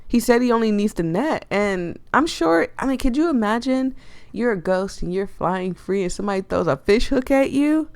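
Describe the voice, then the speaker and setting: A woman's voice: mid-range voice, moderate pace, smooth. Giggly woman reacting to a visual novel. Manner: giggly, chatty, animated asides. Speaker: streamer playing a visual novel. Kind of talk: casual play-through commentary.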